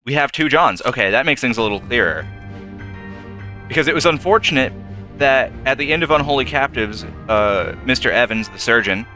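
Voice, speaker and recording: A young man doing let's play commentary, thinking aloud and hesitating, with sudden excited jumps. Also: medium pitch, fairly quick. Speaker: gameplay commentator. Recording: faint game music behind.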